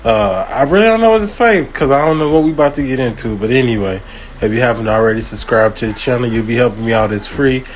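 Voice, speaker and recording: A man's voice: medium pitch, lively intonation, fast talker. Casual male reaction host, blunt and profane, incredulous, faint background noise.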